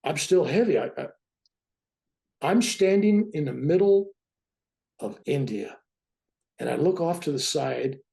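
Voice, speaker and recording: An older man in his seventies tells a long personal story as a podcast guest, animated and wry. His voice sits a little high for a man, yet it is gravelly and mellow in tone. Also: a little slow, pauses often. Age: 70s. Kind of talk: conversational storytelling.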